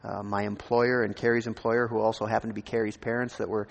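A man's voice: lowish voice, flat delivery, quick pace, vocal fry, long reverb tail. A man from Minnesota, a pastor, telling his personal testimony in a sermon in an informal, rambling way with many restarts.

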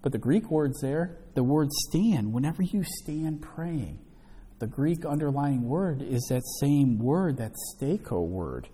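A man's voice: medium pitch, big pitch swings, a little slow, warm tone, breathy edge, long reverb tail. A man preaching an emphatic sermon, teaching from the Bible and reading scripture aloud between his comments. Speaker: pastor.

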